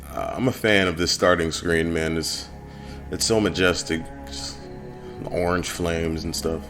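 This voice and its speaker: A man casually narrating a let's play of his own game demo, relaxed and rambling with fillers. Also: low voice, unhurried, faint music behind.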